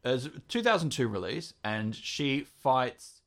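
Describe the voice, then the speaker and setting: A man's voice: mid-range voice, big pitch swings, slow, fairly bright tone. A man co-hosting a podcast in casual chat, wry, with dry humor. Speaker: podcast co-host.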